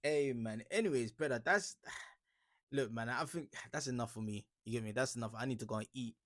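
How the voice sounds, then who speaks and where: A man's voice: medium pitch, moderate pace, fairly bright tone. A man vlogging about football in a laid-back, joking way, rambling with slang and fillers. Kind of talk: casual reaction vlog.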